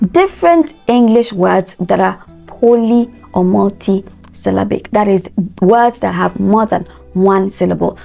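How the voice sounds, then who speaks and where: Woman, pronunciation coach, slow deliberate drilling, gravelly edge, mellow tone, faint music behind. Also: medium pitch. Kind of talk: pronunciation lesson.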